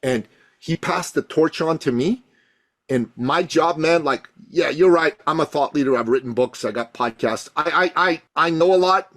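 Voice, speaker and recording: A man guesting on a podcast as a coach, telling a story with passion and building to loud emphatic peaks. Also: fairly high pitch, normal speed, dry recording. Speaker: guest, coach and thought leader.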